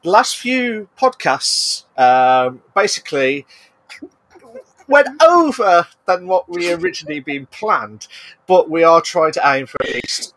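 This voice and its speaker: A man's voice: high-pitched, lively intonation, unhurried, fairly bright tone, low-quality recording. A man from Britain co-hosting a casual livestream podcast, laughing at himself and often stopping to restart his sentences. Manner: laughing, self-mocking, stumbling restarts. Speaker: podcast co-host.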